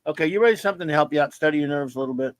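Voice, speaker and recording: A man's voice: a little high, rapid-fire, no echo. A man hosting a casual livestream podcast, talking in jokey, teasing showman patter. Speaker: podcast host.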